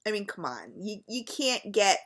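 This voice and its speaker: A woman's voice: medium pitch, very animated, normal speed. Chatty, rambling woman vlogger. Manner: chatty, rambling, warmly gushing with frequent fillers. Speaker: beauty vlogger. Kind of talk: casual rambling vlog.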